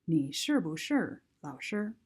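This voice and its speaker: Slow, husky-voiced woman teaching Chinese. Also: fairly low pitch, very animated, darkish tone. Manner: slow, careful model sentences for learners. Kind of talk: recorded grammar lesson.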